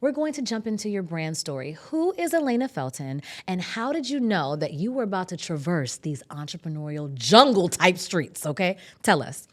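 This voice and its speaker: A woman's voice: lowish voice, sing-song, moderate pace, few pauses. A woman hosting a business podcast, bubbly and playful in a casual interview. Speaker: podcast host.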